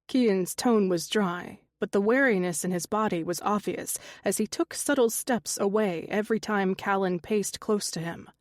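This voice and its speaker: A woman narrating a fantasy romance audiobook in a steady storytelling manner. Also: mid-range voice, no echo, clean studio sound. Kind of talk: scripted narration.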